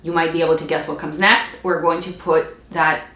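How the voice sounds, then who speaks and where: Low-voiced woman teaching practice technique. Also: level tone, fairly quick, a bit bright. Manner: explains patiently, demonstrates between phrases. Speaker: music teacher. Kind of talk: instrumental practice lesson. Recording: echoey room with string playing. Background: bowed string instrument between lines.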